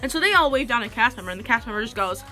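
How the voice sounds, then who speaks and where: Quick, bright-voiced teenage girl vlogger. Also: on the high side, lively intonation. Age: teenager, about 16. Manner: chatty, rambling, heavy use of "like". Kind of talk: casual storytelling to camera.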